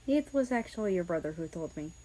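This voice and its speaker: A woman reading aloud, voicing a gentle, protective young man who hushes and reassures his partner in a soft voice. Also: lowish voice, lively intonation, fast, poor audio. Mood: soothing. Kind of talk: fan fiction audiobook reading.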